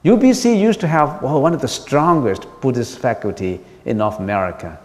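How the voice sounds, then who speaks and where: A man's voice: medium pitch, lively intonation, moderate pace, darkish tone. A man, a Buddhist monk, giving a dharma lecture in a patient way, repeating key points with frequent ums. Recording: long hall reverb.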